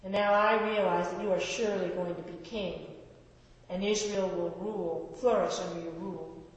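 A woman reading the lines of a humbled, remorseful older king in a slow, wavering voice. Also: fairly low pitch, steady tone, close to an everyday voice. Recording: echoey hall reverb.

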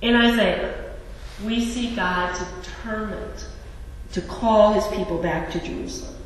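A woman's voice: medium pitch, measured pace, a little hiss or hum. Wry woman pastor in an echoey church. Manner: conversational and wry, with asides to the congregation. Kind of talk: sermon. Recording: echoey church hall, distant mic.

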